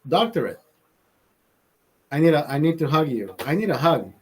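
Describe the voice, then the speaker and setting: A man's voice: fairly high pitch, very animated, normal speed, a little hiss or hum. A man hosting a casual livestream, rambling and swearing, laughing often as he talks to viewers. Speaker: livestream host.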